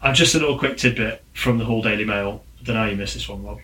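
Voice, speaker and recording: A man's voice: lowish voice, pushed and bright. Joking man in an echoey room. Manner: banter, swearing, quick asides. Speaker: podcast host. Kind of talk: casual chat.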